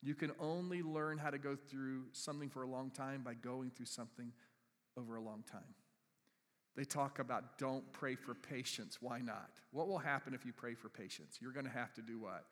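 A man's voice: mid-range voice, a little fast, a bit bright. A man preaching a conversational sermon as a pastor, putting questions to his congregation. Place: church sanctuary. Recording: church hall reverb.

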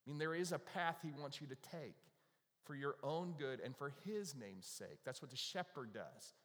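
A pastor giving an animated, conversational sermon, restarting words as he goes. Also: fairly high pitch, moderate pace. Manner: animated, conversational preaching with repeated starts. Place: church sanctuary. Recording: echoey hall reverb.

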